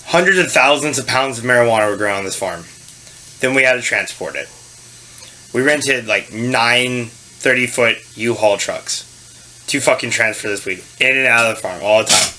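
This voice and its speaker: A man hosting a casual chat, telling stories with lots of swearing and loud put-on voices. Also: mid-range voice, normal speed, pauses often. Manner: storytelling, swearing, loud animated impressions. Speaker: podcast host. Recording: faint background noise.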